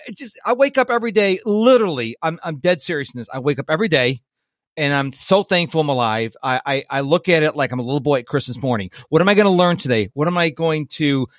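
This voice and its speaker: A man's voice: on the high side, lively intonation, fast talker, dry recording, studio quality. A man hosting a podcast, talking in an upbeat, enthusiastic way and laughing easily. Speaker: podcast host. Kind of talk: casual podcast interview.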